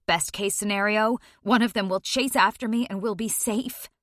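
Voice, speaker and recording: A woman reading a dark first-person story aloud, tense and emotional, dropping low at grim moments. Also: steady tone, normal speed, no echo, clean studio sound. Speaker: audiobook narrator.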